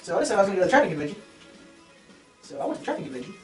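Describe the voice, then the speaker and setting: A young trapper tells his viewers a loose, meandering story, correcting himself and speaking to them directly. His high-pitched voice is sing-song and rapid-fire, with faint music behind, and it echoes from a distance in his fur shed.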